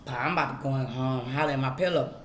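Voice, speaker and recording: A woman's voice: rumbling low, fast talker, roomy sound, background noise. A middle-aged woman, giving her viewers blunt, preachy advice in a casual monologue, talking right to them and cursing freely. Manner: preachy and blunt, talks to the audience, drawls, swears. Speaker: vlogger.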